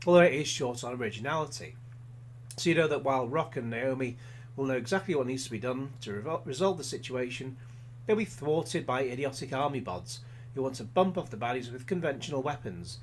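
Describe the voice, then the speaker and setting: Man, film reviewer, scripted voice-over, dry sarcastic wit, mid-pitched voice. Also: a little hiss or hum.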